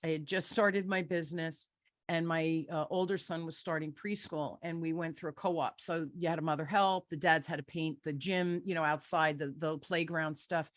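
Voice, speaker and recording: Casting: middle-aged woman host, fairly low voice, candid lively storyteller, close dry mic. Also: normal speed, no room sound. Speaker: podcast host. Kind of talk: interview, storytelling.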